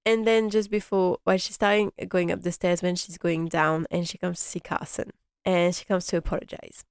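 A woman in her young adult years hosting a casual recap of a TV drama, chatty and rambling, gushing and animated. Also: mid-range voice, a little fast, smooth, no room sound, clean studio sound. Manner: chatty and rambling, many "like" and "you know" fillers.

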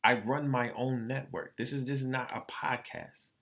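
A young man speaks alone into his podcast mic in a candid, emotional monologue. His voice carries a gravelly rasp at a medium pitch. He swears freely and repeats himself as he works through what he is feeling. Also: steady tone, a little slow, fairly bright tone. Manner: profane, emotional, repeats phrases. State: tearful. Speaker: podcast host.

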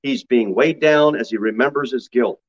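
A man preaches a sermon from the pulpit at a middle pitch, his delivery swinging between low, earnest stretches and sudden high, loud mock quotes. The church recording sounds slightly dull and lo-fi. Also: moderate pace. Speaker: pastor. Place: church sanctuary.

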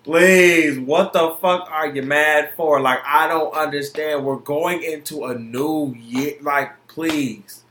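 Heated high-voiced man ranting, roomy echo. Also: slow, hardly any pauses, a bit bright. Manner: heated, profane, emphatic, repeats himself. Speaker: podcast host. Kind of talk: solo opinion podcast rant.

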